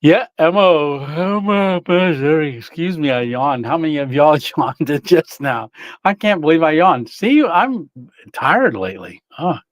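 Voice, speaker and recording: Man, livestream host, unhurried chatty delivery, fairly high voice. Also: big pitch swings, no room sound. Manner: slow, chatty, laughs often, greets viewers by name. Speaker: livestream host reading chat. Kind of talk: casual live chat.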